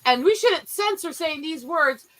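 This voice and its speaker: A woman in casual commentary chat, blunt and animated, swearing freely and mimicking people as she retells stories. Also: high voice, a little slow, faint music behind, low-quality recording.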